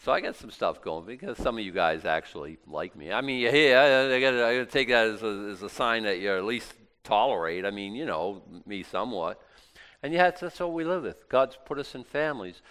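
Male preacher, lower voice, emphatic, casual delivery with restarts. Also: expressive, brisk, a bit bright, clean tone. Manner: emphatic, conversational, with frequent restarts. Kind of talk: sermon with scripture reading.

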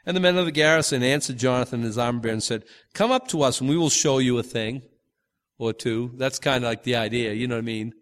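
A man's voice: mid-range voice, fast talker, big-room sound. A man teaching from the Bible in a loose, conversational way, stumbling over restarts and acting out the quotes. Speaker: preacher.

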